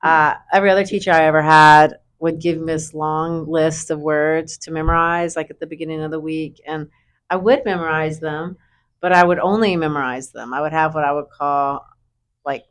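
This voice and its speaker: A woman with a slightly low voice, chatting casually about teaching. She talks in an animated way, with frequent restarts, and laughs easily. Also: moderate pace. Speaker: high school English teacher. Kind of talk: casual interview chat.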